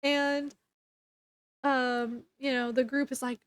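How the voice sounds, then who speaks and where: A woman's voice: high-pitched, level tone, takes it slowly, smooth. A woman giving a casual book review at home, retelling the plot in a rambling way with lots of fillers.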